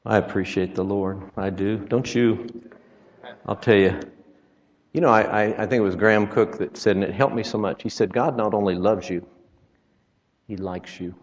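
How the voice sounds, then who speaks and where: Low-voiced folksy male preacher in a reverberant hall. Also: fairly even intonation, normal speed. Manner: folksy, joking asides, quotes scripture. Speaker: traveling preacher. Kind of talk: sermon. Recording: reverberant, dull lo-fi sound.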